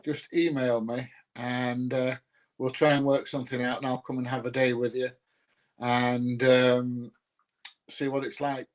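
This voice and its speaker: A man's voice: mid-range voice, level tone, a little slow. A man from North Nottinghamshire with a South Yorkshire accent, chatting casually on a live stream, rambling with many ums and uhs and greeting viewers by name. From North Nottinghamshire, England. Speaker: YouTuber greeting live chat.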